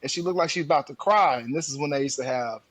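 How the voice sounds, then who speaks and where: A man's voice: a little high, fast, slightly rough, no room sound. A man co-hosting a podcast, telling a parenting story in casual chat and acting out the quotes while he laughs. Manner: animated, laughing storyteller who acts out quotes. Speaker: podcast co-host.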